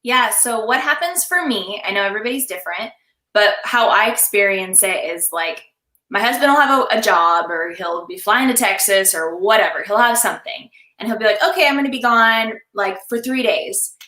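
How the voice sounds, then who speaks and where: Bright, animated woman in an echoey room. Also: medium pitch, normal speed. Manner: animated, laughs often, acts out little scenes. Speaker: confidence coach, guest. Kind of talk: casual live-stream chat.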